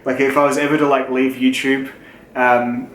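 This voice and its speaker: A young man with an Australian accent chats through viewer questions, loose and jokey, swearing as he goes. His voice sits at a middle pitch. The room is echoey, with a faint hiss behind him. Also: little pitch movement, normal speed, fairly bright tone. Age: young adult. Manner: loose, joking, swears freely. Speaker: channel host. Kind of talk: casual Q&A chat.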